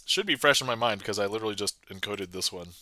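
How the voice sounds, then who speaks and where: Dude chatting on his magic stream, kinda rambly, lots of likes and so's, crisp bright tone. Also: lowish voice, expressive, quick pace. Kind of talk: casual livestream chat.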